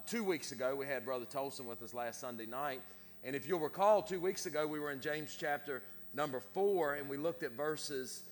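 A man's voice: a little high, in a large hall. A man preaching a sermon, speaking conversationally and often asking "right?". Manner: conversational, repeats words, asks "right?" often. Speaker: guest preacher. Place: church sanctuary.

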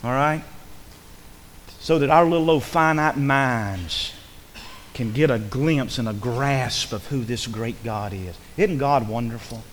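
A man preaching a sermon in a folksy, repetitive way, swinging between loud emphasis and hushed asides. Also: medium pitch, slow, a little hiss or hum. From rural upbringing. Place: church. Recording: long hall reverb.

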